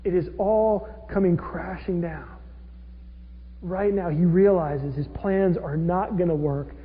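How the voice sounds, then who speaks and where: Male pastor, high voice, animated sermon delivery, muffled lo-fi recording. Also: slow. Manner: animated, acts out quoted characters with rising intensity. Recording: dull lo-fi audio with long hall reverb.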